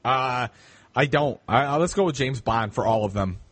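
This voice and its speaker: A man's voice: medium pitch, normal speed, a bit bright, a little hiss or hum. A man co-hosting a casual podcast, joking and swearing, often restarting his sentences. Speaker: podcast co-host.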